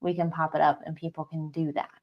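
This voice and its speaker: A woman's voice: low-pitched, flat delivery, fast talker, highs cut off. A woman co-hosting a livestream in casual chat. She speaks plainly and reads out viewer comments. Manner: matter-of-fact, reads viewer comments aloud. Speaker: livestream co-host reading chat.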